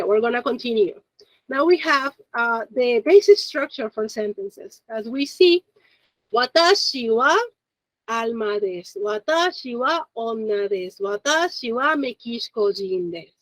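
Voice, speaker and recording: A high-pitched woman leads an online beginner language lesson. Her voice sounds close and dry, with no room echo. She keeps asking her students "okay?" and "yes?" to keep them with her. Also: expressive, a little slow. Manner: encouraging, checks in often with "okay?" and "yes?". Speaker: Japanese teacher. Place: Japanese language school in Monterrey. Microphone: video call.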